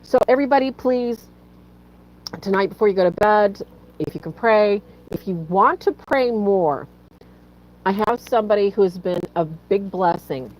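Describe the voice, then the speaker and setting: A woman's voice: medium pitch, expressive, normal speed, a little mellow, rough recording. Tearful woman pleading with her viewers. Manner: earnest, pleading, greets chat by name. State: tearful, fighting back tears. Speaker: livestream host. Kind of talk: emotional live-stream talk to viewers.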